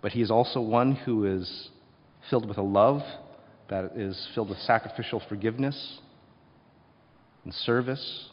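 A male pastor preaching a sermon, swinging between hushed and loud passages and acting out voices. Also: fairly low pitch, normal speed, long pauses. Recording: dull sound with long hall reverb.

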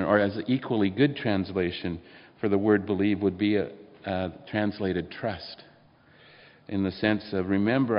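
A man preaching a sermon in a church, speaking conversationally and putting questions to the congregation. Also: fairly low pitch. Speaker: pastor. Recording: dull lo-fi recording with long hall reverb.

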